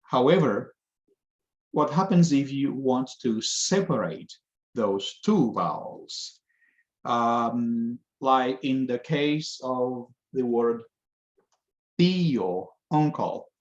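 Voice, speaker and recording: A man teaching a language lesson, explaining step by step with slow, careful pauses. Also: mid-range voice, lively intonation. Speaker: Spanish teacher. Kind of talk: lecture. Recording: echoey room, dull lo-fi sound.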